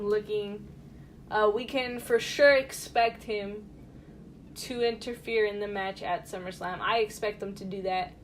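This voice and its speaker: A woman's voice: medium pitch, unhurried, slight background noise. Chatty woman podcast co-host. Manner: chatty and animated, with many fillers and restarts. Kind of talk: casual chat.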